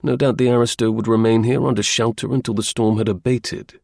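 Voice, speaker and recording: A man reading a historical novel aloud as an audiobook narrator, with measured, dramatic storytelling. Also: medium pitch, steady tone, gravelly, darkish tone, no echo, studio quality.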